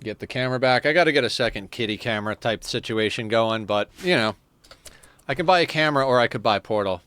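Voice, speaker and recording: Streaming a game, a man chats casually at a fast clip in a fairly bright, clean voice, slightly sore from talking all day, recorded dry. Now and then he coos to his cat in a high, sing-song baby voice.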